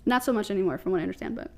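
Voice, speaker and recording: A woman's voice: medium pitch, darkish tone. A woman from Ohio with a Midwestern American accent, a podcast guest chatting and telling stories, laughing often. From Ohio, USA. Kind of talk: casual chat.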